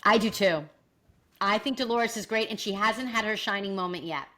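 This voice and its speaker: A middle-aged woman with a mid-range voice talks at a normal speed as she co-hosts a podcast. She chats casually and animatedly about reality TV, exaggerating and laughing often.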